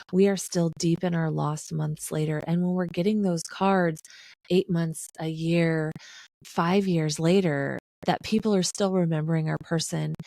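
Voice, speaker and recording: A woman with a lowish, gravelly voice talks in a calm, measured way during a podcast interview. Her voice sounds dry and close, with no room echo. She sounds supportive and steady.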